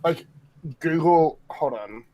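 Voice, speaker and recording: A man from Australia with an Australian accent, chatting casually as a guest, playful and quick to laugh at himself. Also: fairly high pitch, expressive, mellow, rough recording. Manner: playful, laughing, self-mocking. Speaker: guest on a stream. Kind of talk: casual chat.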